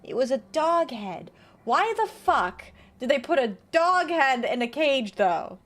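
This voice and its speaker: A woman streamer with a high voice that swings widely in pitch. She talks playfully through a video game as she plays, reading the game's text aloud and reacting to what she sees. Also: sing-song, measured pace, a bit bright. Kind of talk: casual gameplay commentary.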